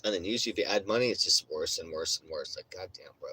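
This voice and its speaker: A man's voice: sits low, lively intonation, fast, pushed and bright, husky, rough recording. A young man hosting a live stream, ranting casually and bluntly with constant swearing and "bro". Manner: profane, blunt, swaggering, says "bro" a lot. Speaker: livestream host. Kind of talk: casual rant to a live chat.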